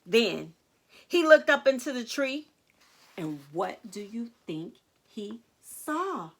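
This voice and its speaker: A children's storyteller and teacher reads a picture book aloud slowly and unhurriedly, her high, bright voice swooping through big pitch swings. She keeps turning to her young listeners to ask them questions.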